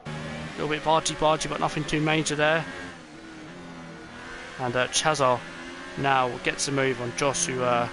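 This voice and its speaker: A young man commentating an online racing game, excitable and rambling with many fillers, and tired. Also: a little high, moderate pace, long pauses, music in the background. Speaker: race commentator. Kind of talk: esports race commentary. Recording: noisy, with game car sounds behind.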